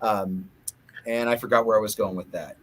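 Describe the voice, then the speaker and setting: A man's voice: on the low side, fairly even intonation, normal speed, a bit bright, a little hiss or hum. A man, a guest musician in a casual interview, telling long stories with many restarts. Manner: rambling storyteller with many restarts.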